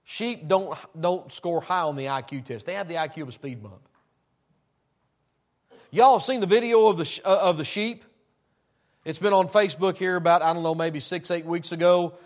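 A man preaching a sermon, swinging between loud emphasis and quiet asides. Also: sits high, normal speed.

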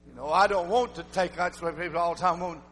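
An older man preaching an emphatic revival sermon, swinging from shouts to low muttering. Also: steady tone, fast talker, in a large hall, low-quality recording.

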